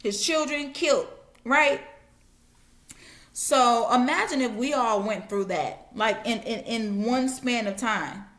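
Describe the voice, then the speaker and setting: High-voiced woman teaching the Bible casually. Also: takes it slowly. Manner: animated retelling with slang, acts out voices.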